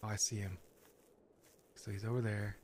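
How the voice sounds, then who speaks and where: A man's voice: lowish voice, flat delivery, normal speed, darkish tone, slight background noise. A man playing a horror game, nervously commenting, laughing and swearing as he goes. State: scared, on edge. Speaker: gaming channel host.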